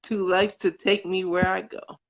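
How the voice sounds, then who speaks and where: A man calling in to recite poems from memory, earnest and unhurried, pausing with fillers between verses. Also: high-pitched, little pitch movement, noisy background. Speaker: caller.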